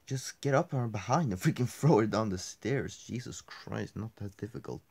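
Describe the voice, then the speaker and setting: Foul-mouthed man yelling at a horror game. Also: fairly low pitch, lively intonation, normal speed, vocal fry, breathy edge. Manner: swears constantly, swings from mutters to angry yelling. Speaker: gameplay commentator. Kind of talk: casual let's play commentary.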